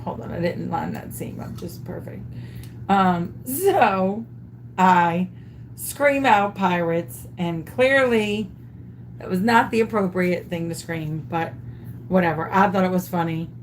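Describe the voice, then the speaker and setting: A woman's voice: on the low side, slow, a little hiss or hum. Chatty woman telling a story. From Louisiana. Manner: animated, chatty, self-amused storyteller. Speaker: craft vlogger. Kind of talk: storytelling while crafting.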